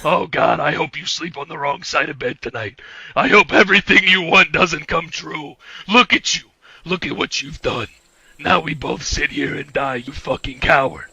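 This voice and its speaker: A man's voice: fairly high pitch, normal speed, creaky, bright, forceful tone, slightly rough. A man in a played gaming clip, bitterly taunting and cursing at an opponent. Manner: sarcastic, swearing, bitter taunting. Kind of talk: angry gaming rant.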